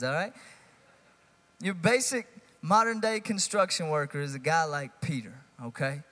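A man's voice: on the high side, moderate pace. Man preaching in a reverberant hall. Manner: animated, conversational preaching with rising emphasis. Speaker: pastor. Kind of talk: sermon.

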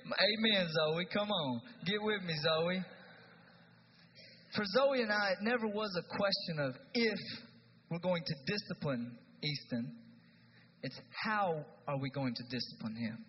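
Thirties male youth pastor, a touch higher voice, preaching in a big echoing church. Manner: conversational preacher, swings between hushed and loud. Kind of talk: sermon. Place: church sanctuary. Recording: dull sound with long hall reverb, faint noise.

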